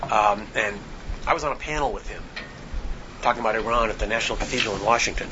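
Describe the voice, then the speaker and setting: A man, an author on a panel, telling a history story in a lecture style, halting often with ums and restarts. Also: lowish voice, dull audio, noisy background.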